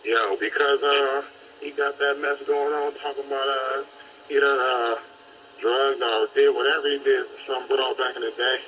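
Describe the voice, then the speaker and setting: A breathless man calls in to a live show and talks bluntly in street slang, rambling as he goes. His voice sounds bright and tense. Faint noise sits on the line. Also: medium pitch, level tone, normal speed, poor audio. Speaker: caller.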